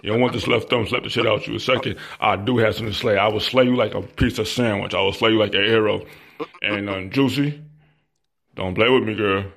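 Gravelly low-voiced man trash talking. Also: steady tone, a little fast, a bit bright. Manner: boastful, rambling insults. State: out of breath. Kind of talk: crude trash talk.

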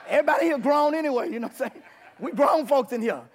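A man preaching to a church congregation, animated, mixing shouts and laughter. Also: very high voice, fast talker. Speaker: pastor. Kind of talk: sermon.

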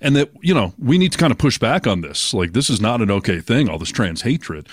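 A man from the United States co-hosting a podcast, talking politics in an opinionated, casual way and letting points trail off quietly. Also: big pitch swings, fairly quick, no room sound, studio quality. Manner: opinionated, trails off to a low mumble at the end of points. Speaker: podcast co-host.

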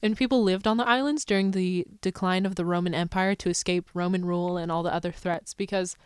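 Playful woman with a smooth voice. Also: on the low side, steady tone, fast, no echo, studio quality. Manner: playful, laughs often, sarcastic asides. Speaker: podcast co-host. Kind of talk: casual chat.

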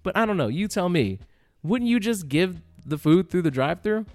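A man hosting a podcast, telling a casual story in a rambling, animated way, full of fillers and checks like "all right?". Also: high-pitched, normal speed. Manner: animated, exaggerated retelling. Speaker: podcast host.

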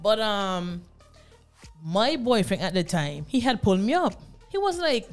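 A woman, co-hosting a casual group chat show and telling a personal story with lively, acted-out quotes. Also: a little slow, soft background music. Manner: animated storyteller, acts out quoted lines in a much higher voice. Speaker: podcast co-host.

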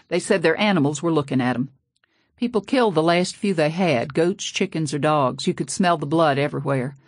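A woman's voice: low voice, dry recording, studio quality. A woman narrating a novel in a folksy, sassy first-person voice. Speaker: audiobook narrator. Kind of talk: scripted narration.

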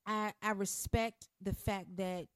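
A woman's voice: medium pitch, slow. A woman in her forties hosting a podcast, telling stories in casual, profane chat. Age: 40s. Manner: profane, storytelling, animated. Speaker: podcast host.

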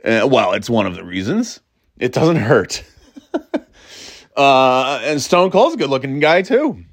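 A man's voice: mid-range voice, very animated, unhurried. A man talking casually on his own, rambling with fillers and restarts and cutting in short jokey imitations. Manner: breaks into short mock catchphrase imitations. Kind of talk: casual solo chat.

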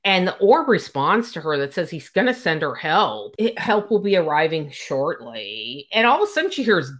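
Low-voiced woman retelling a story. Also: sing-song, moderate pace, fairly bright tone. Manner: retells plot animatedly, quoting characters. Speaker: book podcast co-host. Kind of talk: casual book discussion.

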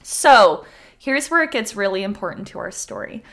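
A young woman tells a history story on a podcast in a loose, chatty way, with plenty of swearing. Her voice sits at a middle pitch. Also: lively intonation, normal speed, crowd noise. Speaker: podcast co-host.

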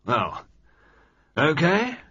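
A man doing a loud, bluff old air marshal. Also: fairly high pitch, wildly swooping pitch, drawn-out words, voice pushed up, full character voice. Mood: hearty. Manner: hearty, gruff and gloomy bluster. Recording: slightly muffled dry recording.

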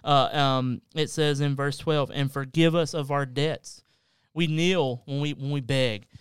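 Co-hosting a laid-back Bible study podcast, this man earnestly unpacks scripture using examples from daily life. He speaks at a measured pace with a medium pitch and steady tone, his voice clear and resonant in a dry recording.

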